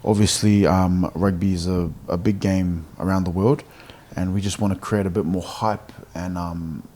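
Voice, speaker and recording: A man's voice: low voice, steady tone, normal speed, dark tone, slight background noise. A young man co-hosting a casual podcast, joking and rambling with fillers. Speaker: podcast co-host, rugby player. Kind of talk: casual chat.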